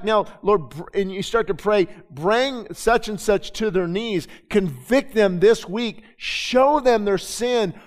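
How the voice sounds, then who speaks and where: A male pastor preaching a sermon to his congregation, talking in a conversational way that swells into impassioned, urgent pleading. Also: high voice. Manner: impassioned, swings from quiet to loud; repeats words and restarts, conversational. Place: church sanctuary before a congregation. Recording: long reverb of a large hall.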